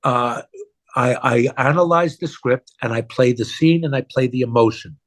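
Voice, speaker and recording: A man, an actor, talking about his work in a conversational interview, animated and self-deprecating. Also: medium pitch, normal speed. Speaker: actor guest.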